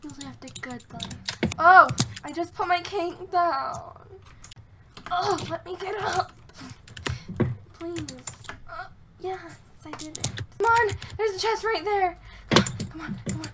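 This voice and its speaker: A young woman hosting casual gameplay chat, excitable, swinging from mumbling to shouting. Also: very high voice, slow pace. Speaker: gaming channel host. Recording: keyboard clicks and typing noise.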